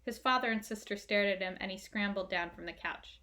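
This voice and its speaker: A woman narrating a children's book aloud in a gentle, expressive way. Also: medium pitch, a little fast. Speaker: audiobook reader. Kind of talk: storybook narration.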